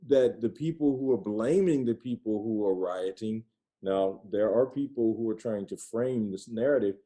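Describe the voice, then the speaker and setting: A man's voice: medium pitch, mellow. A man speaking as a podcast guest, passionate and driving his points home through repetition. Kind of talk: conversational interview.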